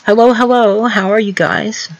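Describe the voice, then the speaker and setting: A woman's voice: medium pitch, normal speed, highs cut off. A woman hosting a casual livestream news show, reading articles aloud and chatting with guests, laughing often. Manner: reads quotes aloud, laughs often, frequent ums.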